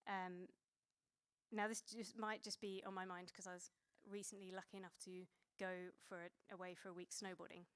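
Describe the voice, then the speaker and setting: A woman's voice: fairly low pitch, little pitch movement, normal speed, a bit bright, clean tone. A woman in her thirties preaching a sermon in a conversational way, with many fillers and restarts.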